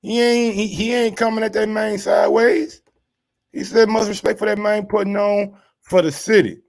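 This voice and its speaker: A man hosting boxing commentary, reacting to social media posts in animated, slangy casual talk with drawn-out exclamations. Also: sits high, creaky.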